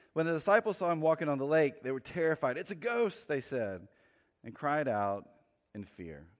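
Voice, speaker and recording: A man preaching a sermon with an easy, conversational delivery, dropping in quick humorous asides. His voice sits at an ordinary middle pitch, and it rings out with a long reverb, as if recorded in a large hall. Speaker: pastor.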